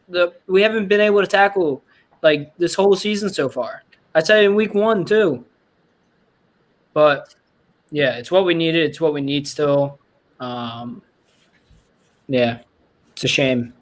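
A man in a casual sports podcast chat, halting and repeating points. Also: high voice.

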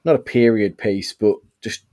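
A man's voice: on the low side, normal speed, dark tone. A man co-hosting a podcast, talking through a film with hesitant phrasing and dry humour. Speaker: podcast co-host. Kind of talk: casual film review chat.

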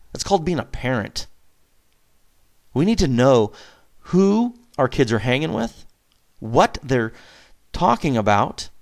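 Animated middle-aged dad giving parenting advice. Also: male voice, gravelly. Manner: animated, acts out back-and-forth with his kids, chuckles often; pitch jumps up sharply on questions and emphasis. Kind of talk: casual advice talk.

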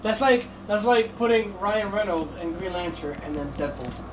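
A man in a casual group podcast chat, emphatic and filling pauses with "you know". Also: high voice, lively intonation, very noisy. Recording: loud music under the voice.

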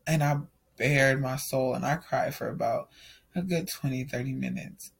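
A man's voice: mid-range voice, moderate pace, vocal fry, slightly rough. A young adult man casually telling a personal story, candid and emotional, speaking in loose run-on sentences. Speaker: storyteller sharing a personal testimony.

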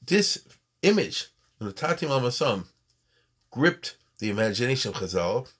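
A man's voice: medium pitch, big pitch swings, normal speed, a bit bright, slightly rough. A man giving an informal Torah lecture on the prophets, talking conversationally with rhetorical questions and Hebrew terms. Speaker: rabbi teaching prophets.

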